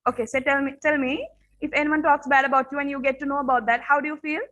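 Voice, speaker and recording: A woman with a high, bright voice teaches a classroom lesson on manners. She speaks earnestly, repeats herself often and keeps asking her students whether they follow. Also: steady tone, quick pace, highs cut off.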